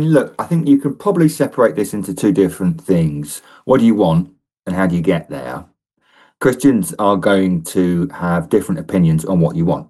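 A man as a guest on a radio interview, answering in a thoughtful, measured way with lively emphasis. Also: on the low side, slightly rough. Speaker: think-tank fellow, guest.

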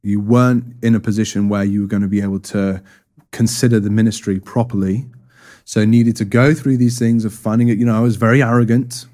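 Thoughtful man, low mellow voice. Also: fairly even intonation, brisk. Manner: thoughtful, hesitant, many fillers and restarts. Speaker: interview guest. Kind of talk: reflective personal testimony.

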